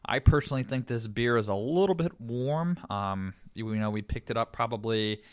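A man co-hosting a podcast in casual chat, relaxed and chatty with lots of fillers. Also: medium pitch, normal speed, clean tone, dry recording, clean studio sound. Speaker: podcast co-host.

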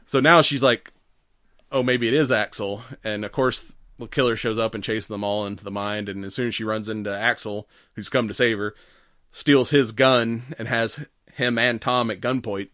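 A man's voice: lowish voice, steady tone, normal speed, a bit bright, dry recording. Man, podcast co-host, casual movie recap, laughs a lot, dry close sound. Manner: laughs often, acts out quotes.

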